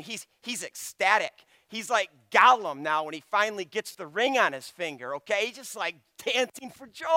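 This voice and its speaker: A man preaches a sermon in a high, bright, crisp voice. He takes his time and swings between loud, impassioned pleading and quiet, hushed asides. The sound is close and dry. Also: no echo.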